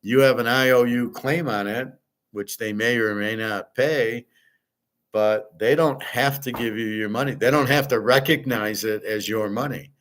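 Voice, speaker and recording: A man's voice: mid-range voice, measured pace, fairly bright tone. Blunt swearing man ranting. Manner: blunt and emphatic, swears freely. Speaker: host. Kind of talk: casual rant to camera.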